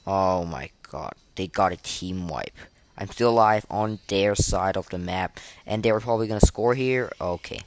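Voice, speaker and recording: Young guy kinda low voice narrating his game live, keeps tripping over words and calling himself bad. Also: normal speed, dry recording. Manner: self-deprecating, flustered, frequent fillers and restarts. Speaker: gaming podcaster. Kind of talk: live gameplay commentary.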